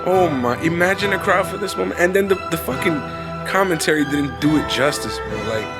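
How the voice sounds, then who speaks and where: A man co-hosting a casual wrestling recap, profane and laughing, breaking into loud mock shouting. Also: fairly high pitch, lively intonation, fairly quick, loud music behind the voice. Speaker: podcast co-host.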